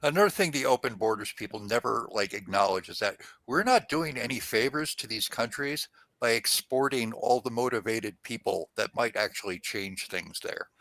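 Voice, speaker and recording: A man's voice: medium pitch, normal speed, hardly any pauses, a bit bright, no echo. A man making wry jokes and laughing often in casual chat.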